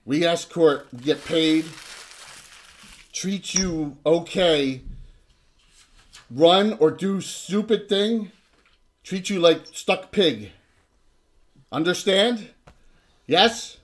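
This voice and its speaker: A man voicing a gruff male goblin bounty hunter who talks in clipped, broken phrases. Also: on the high side, a little hiss or hum, voice pushed up. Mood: gruff, threatening. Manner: clipped broken grammar, slow and heavy.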